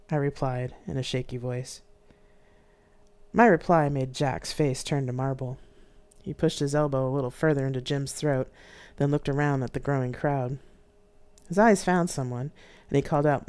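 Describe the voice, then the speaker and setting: An author reading their own novel aloud in an expressive, dramatic live-streamed narration. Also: medium pitch, moderate pace.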